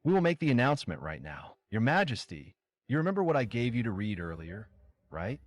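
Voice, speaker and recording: A man voicing a sharp, scornful empress mother who scolds curtly in a story recap. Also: medium pitch, sing-song, a little fast. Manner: curt and scolding.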